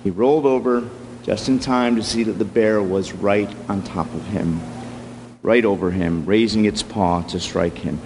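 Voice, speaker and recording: A male pastor preaching in a relaxed, conversational style, opening with a joke story and then walking through the text with frequent fillers. The sound is a church space with a long reverb and a faint background hum. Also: fairly low pitch, a little slow. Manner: conversational, storytelling with joking asides. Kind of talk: sermon.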